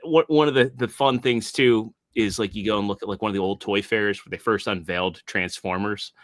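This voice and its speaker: A man's voice: on the low side, fairly even intonation, fairly quick, dry recording, clean studio sound. A man in his thirties co-hosting a podcast, chatting casually with lots of asides while watching a documentary. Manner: chatty, full of asides and restarts. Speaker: podcast co-host.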